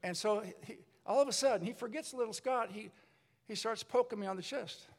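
An older man, a pastor, telling his story in a sermon, lively, with many restarts and acted-out voices. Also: high-pitched, brisk. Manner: animated storyteller, acts out voices, rambling restarts. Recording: long hall reverb.

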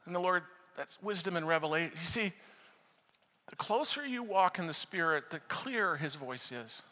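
Fervent high-voiced preacher in a big echoing hall. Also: male voice, lively intonation, normal speed. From United States. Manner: impassioned, swings from loud fervent prayer to hushed narration. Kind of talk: sermon storytelling. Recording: reverberant hall.

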